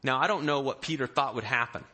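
A pastor preaching a sermon, telling the story in an animated way and acting out the people in it. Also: male voice, mid-range voice, fast, husky. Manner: animated storyteller, acting out quotes in varied voices.

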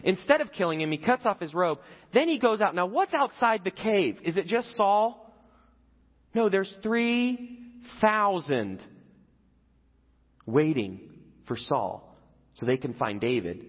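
Animated preacher in an echoey hall. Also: male voice, high voice, moderate pace, pauses often, slightly rough, dull audio. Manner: conversational, asks the audience questions. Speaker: pastor. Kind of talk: sermon.

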